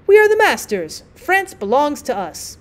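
A woman's voice: high voice, very animated, a little slow, voice pushed up. A woman reading the part of an arrogant young male Prussian officer who mocks and boasts with a laugh in his voice. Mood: mocking.

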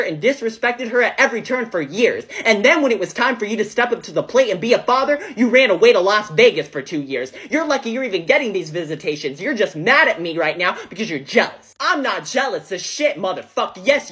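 A woman's voice: medium pitch, a bit bright, breathy edge. A woman speaking heated, confrontational dramatic dialogue full of profanity.

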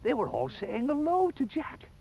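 Casting: older male storyteller for kids, high voice swooping all over, playful asides. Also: normal speed, gravelly, slightly rough, narrow, tinny audio. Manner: lively, playful, chatty asides to the child viewer. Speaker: children's storyteller and presenter. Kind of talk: animated storytelling for children.

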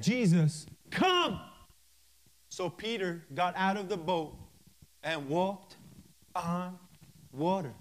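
A man with a notably high voice delivers a sermon at an unhurried, drawn-out pace. He reads scripture verse by verse, leaning on emphatic pauses and breaking in with fervent hallelujahs. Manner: fervent, interjects hallelujah and praise God. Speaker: minister.

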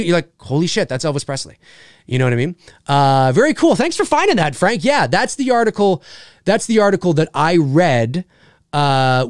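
Rambling livestream host, man, forties, slightly high-pitched, close dry mic, casual cursing. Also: no room sound. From Canada. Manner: rambling, swears casually, repeats himself. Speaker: live show host reading chat.

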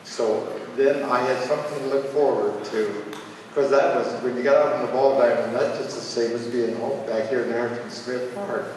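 Older man from Ohio, rambling folksy storyteller, halting speech, long hall reverb, distant mic. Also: medium pitch, fairly even intonation, darkish tone, a little hiss or hum. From Ohio, USA. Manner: rambling, halting, many filler sounds. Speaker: speaker at a charity fundraiser.

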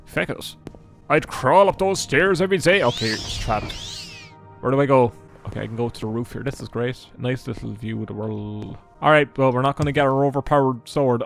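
A man of middling pitch talks his way through a game in loose, casual commentary. He cracks jokes, swears freely and chats to the characters as if they could hear him. Faint game music plays underneath. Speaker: gaming YouTuber. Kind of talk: casual Let's Play commentary.

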